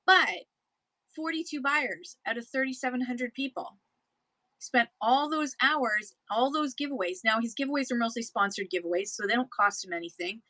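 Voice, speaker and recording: A woman's voice: fairly high pitch, normal speed, sharp tone, dry recording, low-quality recording. A woman from Canada, co-hosting a casual chat about livestream selling, explaining in a rambling, self-correcting way. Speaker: livestream seller and co-host.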